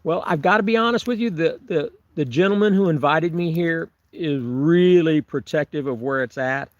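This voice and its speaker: At a remote forest campsite on forested property, a Bigfoot researcher vlogger livestreams casually, answering viewer comments in a rambling way with chuckles and restarts. His voice is a little high and his pace normal, captured in a dry, dull recording.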